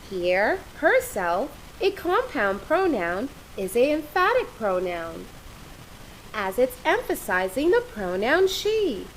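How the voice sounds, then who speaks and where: A woman explains grammar at an unhurried pace. Her pitch is a little high and swings widely as she stresses each example. A faint hiss sits under the recording. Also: sing-song, poor audio. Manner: patient, repeats examples with careful emphasis. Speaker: English grammar teacher. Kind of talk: slow, deliberate classroom explanation.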